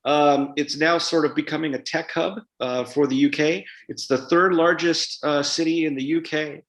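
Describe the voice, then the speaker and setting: A man's voice: a little high, fairly even intonation, moderate pace, fairly bright tone. A man, an author guest at a live event interview, talking in a chatty, rambling way with many fillers and restarts. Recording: roomy hall sound.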